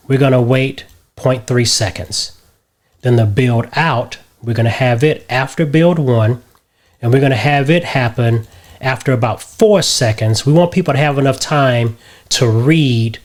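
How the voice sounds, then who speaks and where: Man walking through a software tutorial. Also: mid-range voice. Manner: step-by-step, often adds a checking "right?". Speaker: tutorial host. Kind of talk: screen-recorded software tutorial.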